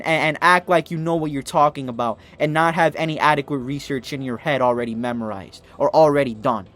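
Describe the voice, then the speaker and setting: A young man rants to camera as a sports podcast host, fired up and emotional, near tears. His voice sits fairly high for a man, and he keeps tripping over restarts and swearing. Faint music plays behind him. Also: fairly quick, few pauses, a bit bright. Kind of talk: impassioned fan rant to camera.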